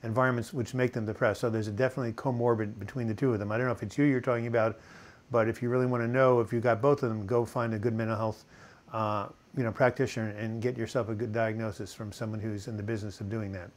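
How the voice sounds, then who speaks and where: A man's voice: lowish voice, fast. Older man casually chatting on a live stream. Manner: relaxed, rambling, many fillers and restarts. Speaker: host of a live video chat on mental health. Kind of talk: casual live-stream chat reading viewer comments. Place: home in Portland, US.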